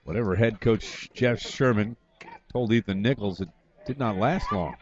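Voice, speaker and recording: Man calling high school baseball on radio. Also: a little mellow. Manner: brisk, wry, self-correcting calls. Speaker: play-by-play announcer. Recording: slightly dull lo-fi broadcast audio.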